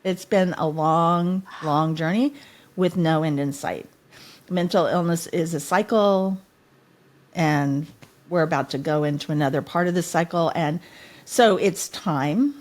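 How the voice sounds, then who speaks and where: A woman's voice: low voice, a little slow, darkish tone. A middle-aged woman, a podcast guest, telling a personal story in an earnest, heartfelt way. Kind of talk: podcast interview.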